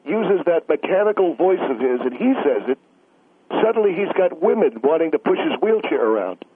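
A man's voice: fairly high pitch, big pitch swings, moderate pace. A man playing a combative caller who keeps badgering the host, heard over a muffled line. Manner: argumentative, badgering. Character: combative pestering male caller.

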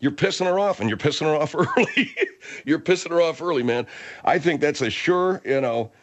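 A man's voice: fairly high pitch, lo-fi sound. A man hosting a comedy radio show, exasperated and bossy with his guests. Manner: exasperated, bossy, quick to laugh.

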